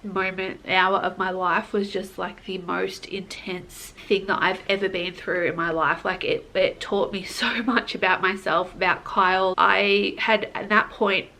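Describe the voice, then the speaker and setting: A woman's voice: mid-range voice, flat delivery, unhurried, gravelly, hardly any pauses, bright, forceful tone. A young woman talks straight to the camera in a casual vlog. She tells her story in an earnest, rambling way, with plenty of likes and false starts. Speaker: vlogger.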